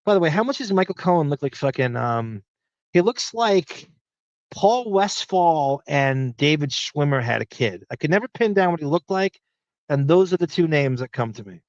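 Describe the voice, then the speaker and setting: A man with a Long Island accent hosts a podcast, chatting loosely and cursing as he thinks aloud over listener comments. His voice sits a bit high. The sound is dull and lo-fi, with a dry, close feel. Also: lively intonation, moderate pace, no room sound. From Long Island, New York. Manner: rambling, profane, thinking aloud. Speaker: podcast host. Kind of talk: casual live chat reading listener comments.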